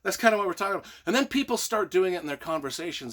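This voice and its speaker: A man's voice: high voice, expressive, quick pace, hardly any pauses, fairly bright tone. A man giving a casual, rambling book review, swearing often and slipping into goofy voices. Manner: rambling, profane, acts out silly voices.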